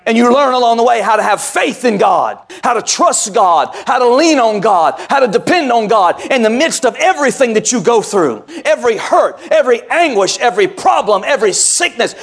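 A male pastor preaching a sermon, telling folksy stories with call-and-response asides and building into emphatic, repetitive cadences. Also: very high-pitched.

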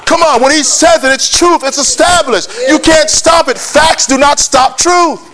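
A man's voice: extremely high pitch, normal speed, pushed and bright, soft background music. A man preaching a sermon, prodding his listeners with questions and pushing them to answer back. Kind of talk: sermon with call and response.

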